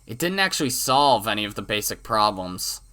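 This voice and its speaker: A man's voice: lowish voice, very animated, moderate pace, sharp tone. A man reading a visual novel aloud for a let's play, with dramatic delivery, profane asides and the odd stumble over words.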